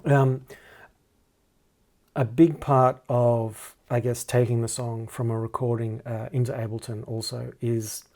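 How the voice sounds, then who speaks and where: A man with a gravelly, fry-laden voice walks through a music editing tutorial in a loose, casual way. He hesitates a lot, stacks up ums and restarts, and often trails off. His pitch sits right in the middle for a man. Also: flat delivery, a little slow, a little mellow. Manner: hesitant, many ums and restarts, self-deprecating. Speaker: music producer teaching a DAW. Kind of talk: casual screen-recorded tutorial.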